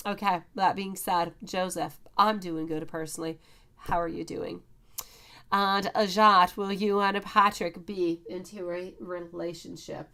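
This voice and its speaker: A woman's voice: fairly low pitch, fairly bright tone. A woman reading tarot on a live stream, greeting chat viewers by name and calling them sweetie and beautiful. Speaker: tarot reader.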